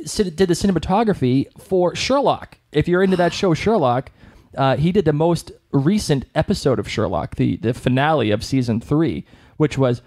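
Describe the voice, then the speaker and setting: A man's voice: on the high side, a little mellow. A young man with a Boston accent co-hosting a podcast, talking in a chatty, rambling way with many restarts. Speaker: podcast co-host. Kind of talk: casual chat.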